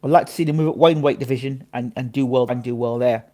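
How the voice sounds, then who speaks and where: A man hosting a casual live boxing stream, chatting his opinions and shouting out viewers by name and place. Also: mid-range voice, quick pace.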